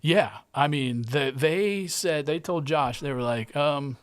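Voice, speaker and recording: A man's voice: on the high side, slow pace, hardly any pauses, clear, resonant tone. A man, a guest artist, telling a vivid story in casual present tense, with some swearing and frequent restarts.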